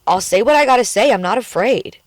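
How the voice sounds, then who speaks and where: A woman's voice: fairly high pitch, animated, fairly quick, no room sound, studio quality. A woman in a candid personal vlog, talking frankly and emotionally and swearing freely, recorded on a phone in a car. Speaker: vlogger. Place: in a car at the beach.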